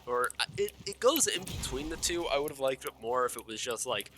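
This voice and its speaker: A young man rambling excitedly about a video game, swearing a lot and stumbling over fillers and self-corrections. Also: medium pitch, brisk, music in the background. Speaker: gaming video creator. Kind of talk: excited, rambling gaming commentary.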